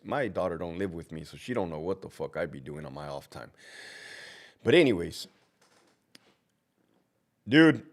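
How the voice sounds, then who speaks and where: A man who works as a prison officer, chatting on a live stream and answering viewers bluntly with constant swearing. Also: medium pitch. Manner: talks back to viewers' comments. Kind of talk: casual live-stream chat.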